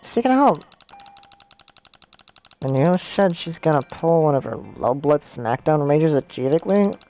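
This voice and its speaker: A woman's voice: deep voice, animated, a little slow, mellow. A woman streamer playing a video game, reading the dialogue aloud in a casual way with puzzled asides. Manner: reacts with confused asides between read lines. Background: game music.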